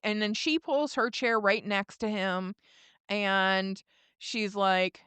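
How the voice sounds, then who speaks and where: A woman co-hosting a podcast, retelling a show's scenes in a lively, laughing way. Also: mid-range voice, slow pace, smooth, dry recording. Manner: animated retelling with laughs and quoted lines. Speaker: podcast co-host. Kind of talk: casual recap chat.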